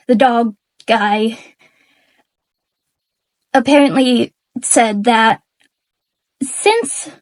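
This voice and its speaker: A woman ranting in an unscripted vlog, angry and near tears, stammering and restarting her sentences, recorded on poor audio with an unplugged mic. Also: on the high side. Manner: angry, halting, stammering rant. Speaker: book reviewer.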